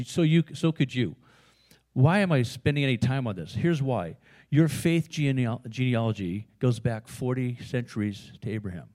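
A man's voice: medium pitch, dark tone. A man with an American accent preaching a sermon in a conversational, storytelling way, with frequent fillers and asides. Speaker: pastor.

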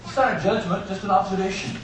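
A male pastor delivers a sermon in a higher register, telling stories and dropping jokes along the way. His voice rings through a very echoey church and reaches the mic from a distance. A steady hiss sits under the whole recording. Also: fast talker. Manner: personal storytelling with joking asides. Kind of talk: Easter sermon. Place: church sanctuary.

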